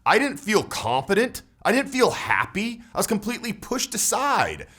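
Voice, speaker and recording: Male voice coach selling to camera: emphatic, salesy, very animated delivery in a slightly high register. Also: normal speed, slightly rough. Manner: emphatic, salesy, shifts between loud punches and low drops. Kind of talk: persuasive direct-to-camera pitch.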